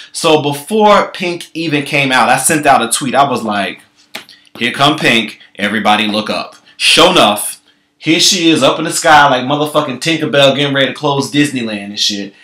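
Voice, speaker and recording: A man vlogging, telling a profane comic story in an animated, chatty way. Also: medium pitch. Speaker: comedy vlogger. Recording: echoey room.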